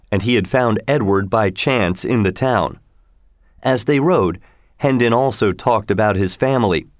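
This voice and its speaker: A man narrating a story in a steady, measured reading. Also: medium pitch, dry recording, studio quality.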